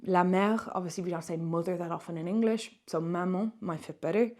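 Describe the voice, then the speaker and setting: A young woman with a slightly low-pitched voice runs a French exam-prep lesson. She explains grammar and vocabulary in English. She reads French questions aloud slowly and clearly for her students to copy. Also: steady tone, a little mellow. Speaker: French teacher.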